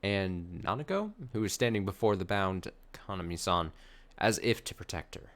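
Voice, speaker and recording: Let's-play host: low-voiced man, reads the game text, sarcastic asides. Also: expressive, moderate pace, a bit bright. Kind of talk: reading game dialogue aloud with commentary.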